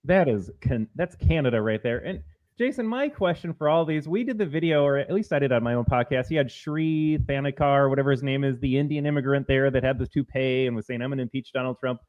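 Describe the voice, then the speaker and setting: A man's voice: mid-range voice, lively intonation, a little fast, lo-fi sound. A man co-hosting a political talk stream, blunt and opinionated, ranting at length to his audience. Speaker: podcast co-host. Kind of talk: political talk show banter.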